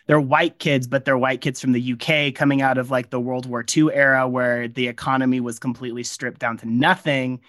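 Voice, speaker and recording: Bright-voiced man hosting a chatty interview. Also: mid-range voice, fairly even intonation, brisk, hardly any pauses, dry recording, clean studio sound. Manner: rambling, friendly tangents with many fillers. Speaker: podcast host and audio drama creator. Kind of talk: casual behind-the-scenes interview.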